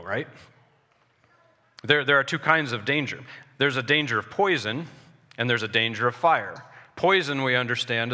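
Male pastor, mid-pitched, sermon delivery, earnest, reverberant sanctuary. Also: pushed and bright. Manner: earnest preaching with pauses and restarts. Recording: long reverb of a large hall.

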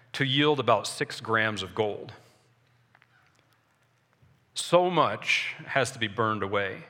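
Bright-voiced male preacher in a hall. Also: medium pitch. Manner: earnest preaching with pauses and restarts. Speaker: pastor. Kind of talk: sermon. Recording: long reverb of a large hall.

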